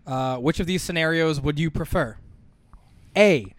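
A man's voice: a little high, measured pace, no echo. A man chatting as a guest on a studio podcast, playful and teasing. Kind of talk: casual comedic chat.

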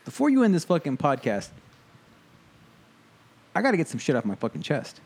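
A man's voice: fairly high pitch, huge pitch swings, fairly quick, vocal fry, husky. A man co-hosting a casual gaming podcast, talking in heated, profane rants. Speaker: podcast co-host.

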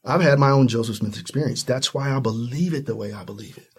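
A man's voice: quick pace, slightly rough. A man from Ohio in the US Midwest, a guest in a conversational interview, talking earnestly and acting out the people in his stories. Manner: earnest, animated storytelling, acts out high-pitched quoted voices.

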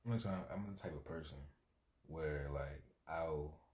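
A laid-back man talking casually as a podcast co-host, relaxed and quick to laugh. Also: extremely low pitch, roomy sound. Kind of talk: casual chat.

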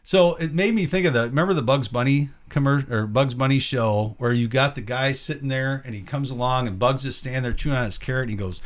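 Man, podcast co-host, rambling opinion talk, rhetorical asides, mid-pitched voice. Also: a little fast, hardly any pauses. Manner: rambling, rhetorical "right?" tags. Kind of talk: conversational Christian commentary.

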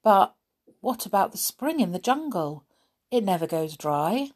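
A woman's voice: mid-range voice, big pitch swings, measured pace, a little mellow. A woman doing an easygoing jolly bear.

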